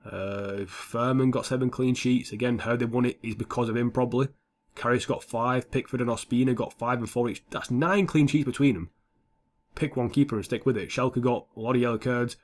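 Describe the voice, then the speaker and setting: A man's voice: mid-range voice, steady tone, fairly quick. A young man giving casual, sweary commentary over a football management game. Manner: blunt, sweary and offhand. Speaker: gaming YouTuber.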